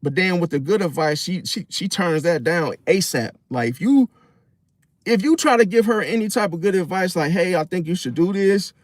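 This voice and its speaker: A man's voice: high voice, expressive, normal speed, no room sound. A man in a casual, rambling monologue about relationships and astrology, slangy and profane, full of fillers.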